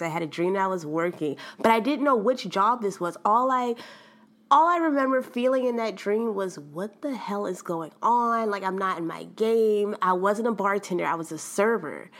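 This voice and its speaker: A young adult woman hosting a podcast, telling a story in a chatty, animated way and laughing often. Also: mid-range voice. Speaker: podcast host. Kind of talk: casual storytelling monologue.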